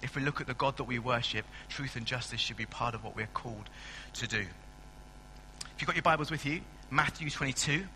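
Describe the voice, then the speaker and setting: A man's voice: medium pitch, a little fast, bright, forceful tone, a little hiss or hum. A man preaching a sermon in a church hall on a stand mic, chatty and self-mocking as he tells stories. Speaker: pastor.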